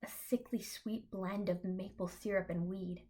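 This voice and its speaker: A young woman reads her own comic story aloud in a flat, deadpan voice. Now and then she stops for dry asides of her own. Her delivery stays even and understated. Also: medium pitch, a little slow. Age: young adult. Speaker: reader of her own fan fiction.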